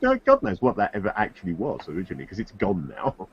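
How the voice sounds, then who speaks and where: A man chatting casually as a tabletop game player, explaining things in a measured way. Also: fairly low pitch, huge pitch swings, slightly rough, dull audio. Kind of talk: casual chat.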